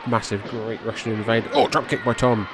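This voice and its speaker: A man from the UK talks through old wrestling footage in a relaxed, chatty way, dropping fillers as he goes. His voice sits at an ordinary middle pitch, and a clear noise runs under the recording. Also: a little fast, a crowd in the background. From United Kingdom. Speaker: podcast host. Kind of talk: casual play-by-play over old footage. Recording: noisy background.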